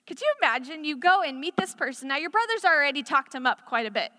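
A woman's voice: high-pitched, expressive, fast, bright, forceful tone, big-room sound. A woman preaching a sermon in a chatty, conversational storytelling way, full of casual asides.

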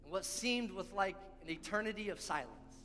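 Long hall reverb and faint music surround this sermon, preached at normal speed by a pastor whose voice is high-pitched, animated, pushed and bright. He stays earnest, repeating key lines for emphasis.

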